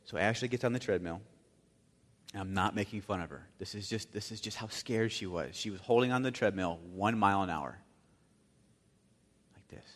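A male pastor with a fairly low voice delivers a sermon as a vivid story. He swings from loud bursts down to near-hushed asides. His words trail off into a long, ringing reverb from a large hall. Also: a little fast.

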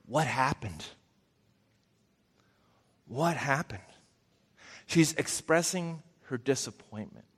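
A man's voice: mid-range voice, a bit bright. A man preaching a conversational Bible teaching, folksy and talking straight to his listeners with questions. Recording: long reverb of a large hall.

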